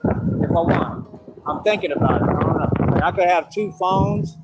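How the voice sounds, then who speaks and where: A man with a high voice rambles in casual chatter, full of slang and filler words. Music plays clearly behind him. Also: normal speed, poor audio. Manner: rambling, slangy, says "like" and "bro" a lot. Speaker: streamer in a played clip.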